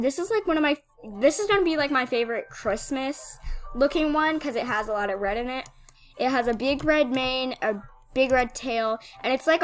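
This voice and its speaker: A woman giving casual commentary over gameplay, rambling and excitable, with lots of "like" and "um". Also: on the high side. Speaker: gaming video host.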